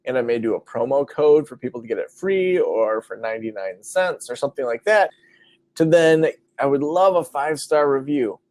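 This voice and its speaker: A man's voice: fairly high pitch, darkish tone, dry recording. A man hosting a live webinar, talking casually with lots of fillers and answering viewer questions. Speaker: webinar host. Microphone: computer mic over a web stream.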